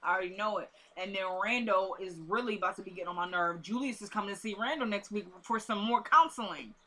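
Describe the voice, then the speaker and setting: A woman's voice: medium pitch, quick pace, fairly bright tone, a little hiss or hum. A woman vlogger recapping a TV episode in casual, informal chat, repeating herself for emphasis.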